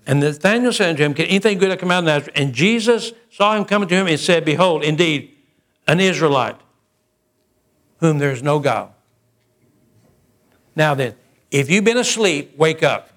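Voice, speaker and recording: High, bright preacher man. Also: lively intonation, normal speed, pauses often. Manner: storytelling preacher who acts out the dialogue with a lot of pitch swings. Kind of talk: sermon. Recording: faint music behind.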